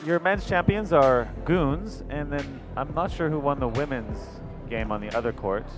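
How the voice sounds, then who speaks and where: A man's voice: medium pitch, normal speed, faint music behind. A man giving live color commentary with dry, wry humor.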